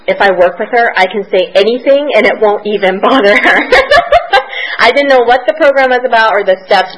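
A woman's voice: mid-range voice, poor audio. A woman giving a personal testimony at a recovery meeting, talking in a chatty, storytelling way with lots of "like"s, quoting herself and laughing between phrases. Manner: chatty storytelling with many "like"s and self-quotes. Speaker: speaker sharing her recovery story.

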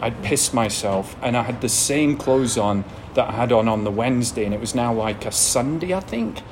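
With a lively, brisk, mid-range voice, an Englishman gives candid testimony about his recovery to an audience, mocking himself and laughing occasionally between blunt details. There's a lot of noise in the background.

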